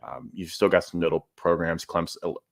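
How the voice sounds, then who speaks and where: A man's voice: low voice, quick pace. A man co-hosting a sports podcast, talking casually and running through rankings matter-of-factly. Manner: steady, lists stats and rankings matter-of-factly. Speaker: podcast co-host.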